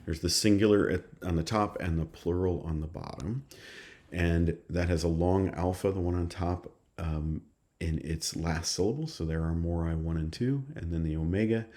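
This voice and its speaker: Low-voiced man patiently teaching. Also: darkish tone. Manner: patient, step-by-step explaining. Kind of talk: recorded lecture.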